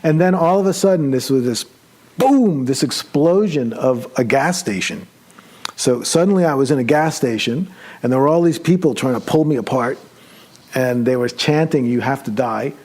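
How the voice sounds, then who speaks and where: A male meditation teacher telling a personal story during a retreat talk, conversational and animated as he acts out his own excited thoughts. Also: mid-range voice, normal speed. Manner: relaxed, conversational, with many fillers.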